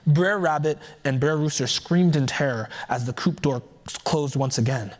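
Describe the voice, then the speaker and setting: A man's voice: fairly high pitch, normal speed. Man telling a folktale with casual asides. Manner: relaxed, conversational asides. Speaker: keynote speaker. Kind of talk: oral storytelling.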